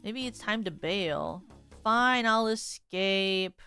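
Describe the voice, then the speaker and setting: Young adult woman, casual game streamer, mid pitch, reads on-screen text aloud, laughs and swears easily, soft music behind. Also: takes it slowly, clear, resonant tone. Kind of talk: casual gameplay commentary.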